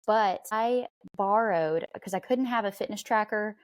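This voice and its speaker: Brief: female interview guest, reflective and earnest, medium pitch, dry studio sound. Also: unhurried, no echo. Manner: reflective and earnest, with soft fillers. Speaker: podcast guest. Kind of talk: podcast interview.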